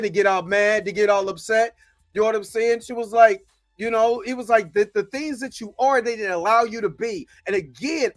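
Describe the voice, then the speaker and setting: A man hosts a casual recap show, rambling from point to point and checking in with listeners. His voice sits fairly high and gets animated as he warms up. The sound is dry and close. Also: no room sound. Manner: rambling, conversational, repeats "you know what I mean"; animated, rises in pitch when worked up. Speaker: host reviewing a TV episode.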